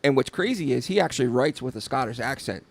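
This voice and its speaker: A man's voice: mid-range voice, expressive, fast, gravelly. A man co-hosting a casual podcast about tattoos, rambling with lots of repeated words and fillers. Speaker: podcast co-host, tattoo artist. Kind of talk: casual chat.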